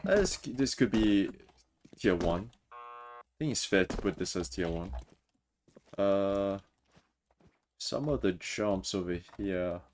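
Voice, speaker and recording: A very low-voiced man in his twenties, from Mauritius and a native French speaker, talks casually through a game stream. He reads viewers' messages aloud and chats back between thoughts on the map, with a faint hum of noise behind him. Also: animated, takes it slowly, pauses often, darkish tone. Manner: chatty, reads chat aloud and answers it. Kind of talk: casual livestream chat. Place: home room, Toronto.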